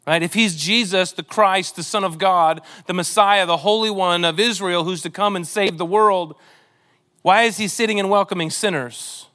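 A man's voice: high-pitched, normal speed, bright, forceful tone. A man preaching a sermon, earnest and emotional, reading scripture with a pleading, dramatic delivery. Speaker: pastor.

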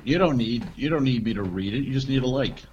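A man's voice: medium pitch, expressive, fast, dull audio, a loud crowd. A man co-hosting a casual comedy podcast, dropping dry, sarcastic quips. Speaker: podcast co-host.

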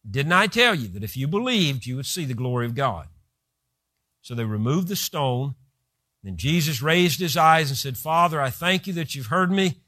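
A man's voice: fairly high pitch, sharp tone, no room sound, studio quality. A man preaching a sermon who retells scripture with vivid, rising emphasis.

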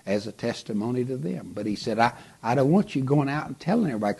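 A male pastor preaching a sermon, slow and dramatic, often dropping to a whisper for emphasis. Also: mid-range voice, expressive, gravelly, mellow, breathy edge.

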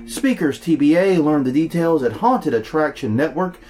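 A man's voice: fairly high pitch, normal speed. A man co-hosting a podcast, joking and self-deprecating as he reads event listings in casual chat. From New Orleans. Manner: jokey, self-deprecating, animated. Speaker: podcast co-host.

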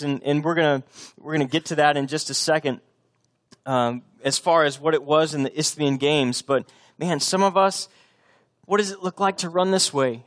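A man from Texas preaching a sermon in an earnest, conversational way, with restarts and direct challenges to the congregation. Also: a little high. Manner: earnest, conversational preaching with bursts of coach-like shouting. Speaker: pastor.

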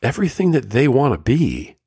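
A middle-aged man hosting a solo podcast, talking earnestly and emotionally in slow, measured phrases, firm and lecturing at times. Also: medium pitch, wildly swooping pitch, mellow, husky, no echo, studio quality. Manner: firm and lecturing about fatherhood. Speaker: podcast host.

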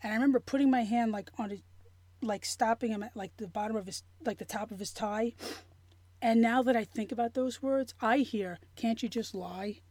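A woman with a mellow, somewhat high voice tells her story in an interview. She talks earnestly and with feeling, halting, restarting and reaching for words. The sound is dry and close. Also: dry recording. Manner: halting, with many restarts and fillers; earnest and emotional. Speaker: interview guest.

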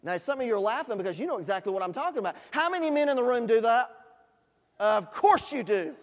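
A man's voice: very high voice, lively intonation, fast talker. A man preaching a sermon, telling folksy stories with asides to the congregation. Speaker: pastor. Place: church sanctuary. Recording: long hall reverb in a church.

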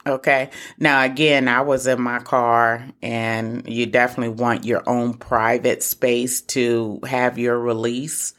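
A woman's voice: extremely low pitch, fairly even intonation, measured pace, few pauses. A middle-aged woman hosting a casual solo podcast, talking earnestly and encouragingly straight to her listeners. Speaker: podcast host for single moms.

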